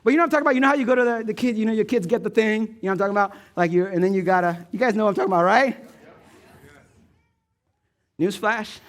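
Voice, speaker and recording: A male pastor with an American Midwest accent, preaching a sermon in a joking, animated storytelling way and asking the room for replies. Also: high voice, very fast, long pauses. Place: church stage.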